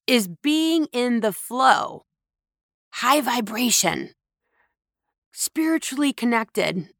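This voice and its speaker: A podcast host, a woman with a medium-pitched voice, moves through a reflective spiritual monologue. She speaks slowly and emphatically, repeating phrases for effect, in echo-free studio quality.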